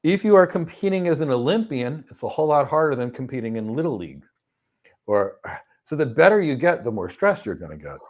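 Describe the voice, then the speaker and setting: A man's voice: mid-range voice, brisk. Middle-aged guy doing career q&a, voice jumps around a lot, tells stories and does the voices. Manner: animated storytelling, acts out quoted people. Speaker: host answering career questions. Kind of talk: live Q&A advice talk.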